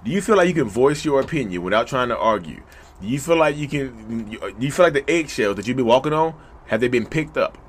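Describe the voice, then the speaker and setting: Animated man talking to viewers. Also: mid-range voice, brisk, breathy edge. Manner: animated, gets loud and hyped, talks straight to viewers. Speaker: YouTube channel host. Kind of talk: casual direct-to-camera talk.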